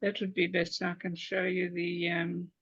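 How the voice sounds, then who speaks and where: Woman host, gravelly, bright edge, chatty, dull dry video call audio. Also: on the low side, monotone, moderate pace, no room sound. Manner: chatty, fumbling aloud with screen sharing. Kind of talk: casual meeting hosting.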